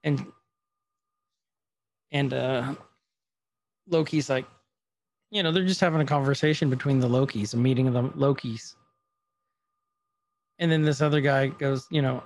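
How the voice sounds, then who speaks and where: A man's voice: medium pitch, moderate pace, long pauses, a little mellow. A man casually recapping a TV episode on a podcast, retelling scenes and quoting the characters as he goes. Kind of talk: casual chat.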